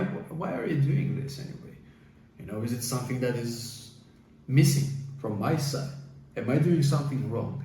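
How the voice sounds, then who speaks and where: A man with a mellow, medium-pitched voice gives casual relationship advice in a hesitant, coaching manner, full of fillers and restarts. He is recorded in an echoey room, far from the mic, with a faint hiss.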